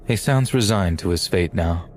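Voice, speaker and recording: A man narrating a true scary story in a grave, measured way. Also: low voice, slight background noise. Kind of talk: scripted horror story narration. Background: faint music.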